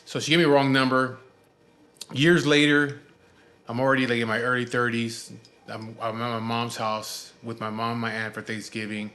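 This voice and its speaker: A man's voice: medium pitch, flat delivery, moderate pace, bright, forceful tone. Rambling, profane middle-aged man telling stories. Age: 40s. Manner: rambling, profane, lots of fillers and restarts. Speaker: show host telling a personal story. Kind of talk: casual storytelling chat.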